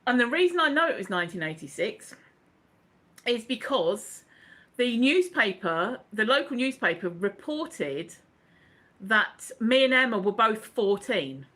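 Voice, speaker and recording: A woman's voice: fairly high pitch, big pitch swings, a little slow, sharp tone. A woman, hosting a casual livestream chat, rambling and laughing as she reads out viewer comments. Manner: chatty, laughs often, rambling asides. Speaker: livestream host.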